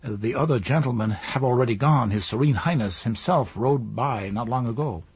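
A man's voice: mid-range voice, normal speed, breathy edge, no echo, lo-fi sound. A male audiobook narrator voicing a groom, a discharged soldier, urgently and persistently rousing his master. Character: insistent man, a discharged soldier serving as groom.

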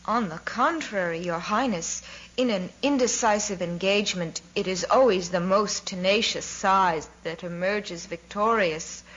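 A woman reading aloud, voicing a steadfast male general who answers in a measured, confident way. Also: mid-range voice, fairly bright tone, husky, lo-fi sound. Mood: firm.

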